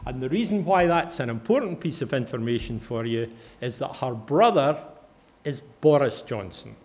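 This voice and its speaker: A middle-aged Scottish man from Fife gives a humorous conference talk, telling anecdotes chattily and swearing casually. His mid-range voice is expressive and moves at normal speed.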